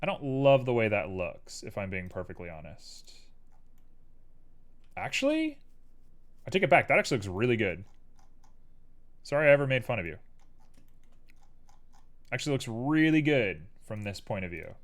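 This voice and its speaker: A man's voice: medium pitch, big pitch swings, moderate pace, long pauses. A man casually chatting on a live stream while he works, playful and talking to himself and his chat. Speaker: livestreamer and 3D artist.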